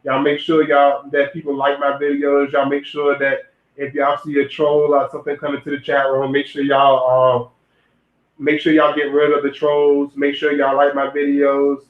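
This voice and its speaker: Speaking at a normal pace with medium pitch and no inflection at all, a young man rambles on his livestream about zodiac signs and relationships. He chats straight to his viewers, restarting and repeating phrases as he goes. The sound is lo-fi and roomy, similar to a phone recording.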